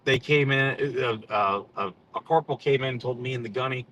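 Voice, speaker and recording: Bright-voiced blunt ex-Marine man. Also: mid-range voice, brisk, muffled recording. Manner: blunt and profane, laughs easily. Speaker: podcast host and former Marine officer. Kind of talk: casual storytelling livestream.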